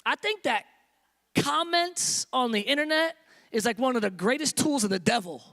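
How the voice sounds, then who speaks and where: A man pastor preaching a sermon, repeating phrases for emphasis and dropping to soft, hushed tones when he tells stories. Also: extremely high pitch, lively intonation, normal speed, creaky. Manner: preaching with rising emphatic repetition.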